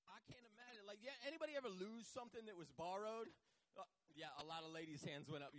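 A man's voice: high voice, quick pace, no echo. A man preaching a sermon in church, retelling a Bible story with casual asides and acted-out voices. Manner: animated storytelling, acts out biblical figures in casual voices. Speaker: pastor.

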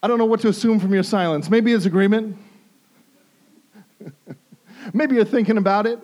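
A male pastor preaching a sermon, emphatic and repeating phrases for stress, moving between hushed intensity and raised pleas. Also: high voice, normal speed.

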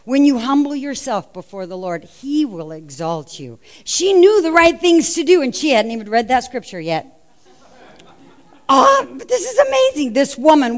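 Woman preaching with lively, storytelling energy. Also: a little high. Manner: animated storytelling, acting out the quotes. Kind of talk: sermon.

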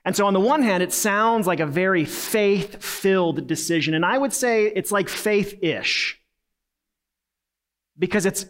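A male pastor gives a Sunday sermon, talking to the congregation in an earnest, relaxed, conversational way. His voice sits a little high for a man, and he drops in casual fillers and restarts as he goes.

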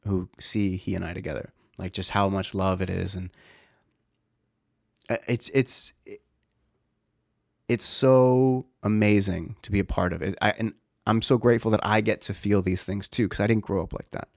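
A man's voice: fairly low pitch, steady tone, normal speed, vocal fry, dry recording, studio quality. A man in his thirties, a father talking in a casual, reflective way, rambling with many fillers and restarts. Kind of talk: casual personal talk.

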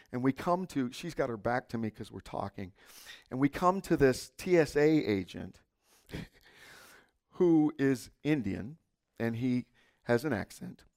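A middle-aged man preaching a sermon, telling stories expressively and dropping into soft asides. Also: mid-range voice, smooth. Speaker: pastor.

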